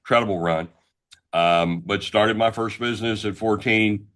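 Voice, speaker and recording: A middle-aged man from the Northeastern United States, a guest entrepreneur telling his story in a loud, brash, blunt way. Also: on the low side, moderate pace. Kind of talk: casual talk show storytelling.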